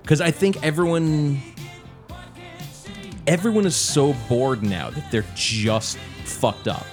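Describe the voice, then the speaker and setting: A man's voice: fairly high pitch, takes it slowly, soft background music. A man co-hosting a podcast, talking in a laid-back, dry way and swearing casually. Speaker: podcast co-host. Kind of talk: casual chat.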